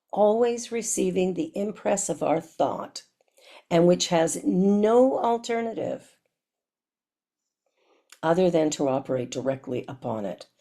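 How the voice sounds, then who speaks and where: A woman's voice: on the low side, dark tone. A woman minister giving a reflective sermon that asks the listener many questions.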